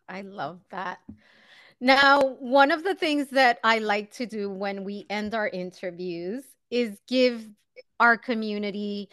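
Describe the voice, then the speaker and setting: A woman's voice: medium pitch, a bit bright, no echo. A woman hosting an interview, asking questions in an encouraging way. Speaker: interview host. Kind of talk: casual interview conversation.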